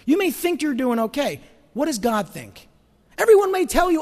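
A male pastor preaching a sermon, asking his congregation rhetorical questions and swinging between loud emphasis and hushed asides. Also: very high-pitched, big pitch swings, brisk, big-room sound.

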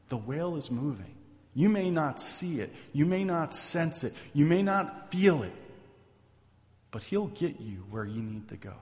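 A man preaches slowly to his congregation, and his voice sits a little high. He talks in a loose, conversational way, tossing in "right?" and "man". His voice rings with the long reverb of a church hall. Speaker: pastor. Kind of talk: sermon.

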